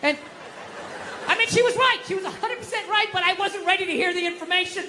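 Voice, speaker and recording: A man's voice: very high voice, fast, crowd noise. A middle-aged male comedian tells profane, exasperated stories on stage, acting out the people in them. His voice rings in a large venue with a long reverb tail. A faint hiss sits under the recording. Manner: profane, exasperated storytelling with acted-out quotes. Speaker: stand-up comedian. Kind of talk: stand-up comedy set. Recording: live reverb hall with faint noise.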